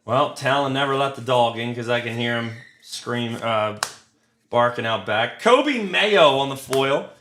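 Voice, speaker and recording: A man's voice: mid-range voice, animated, unhurried, fairly bright tone. A man hosting a live card break, reading out pulls with crude, joking banter. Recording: roomy with faint noise.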